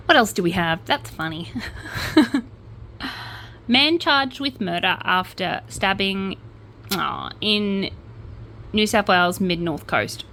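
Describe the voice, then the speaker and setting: A woman's voice: medium pitch, lively intonation, takes it slowly, long pauses, pushed and bright. Australian woman, casual news-reading vlogger, wry and chatty, faint hum behind. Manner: chatty, wry asides and self-corrections.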